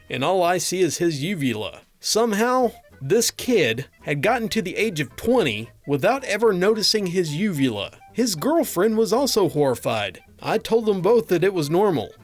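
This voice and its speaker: A man's voice: on the high side, sing-song, moderate pace, soft background music. A man narrating a string of funny doctor and patient stories, with a dry comic delivery. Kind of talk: reading funny anecdotes aloud.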